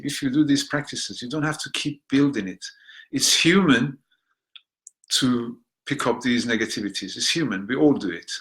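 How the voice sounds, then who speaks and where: Guy leading a healing meditation, bright clear voice, middle pitch, gentle and slow with little jokey asides. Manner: gentle and unhurried, softening to near-hushed affirmations, with chatty joking asides. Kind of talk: guided healing meditation lesson.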